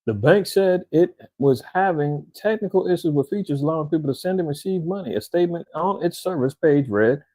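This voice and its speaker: A man's voice: a little high, expressive, fairly quick, few pauses, mellow, no room sound, low-quality recording. A man giving a casual, rambling commentary in slang, talking straight to his viewers. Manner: conversational, rambling, slangy, addresses viewers directly. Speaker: vlogger commentator.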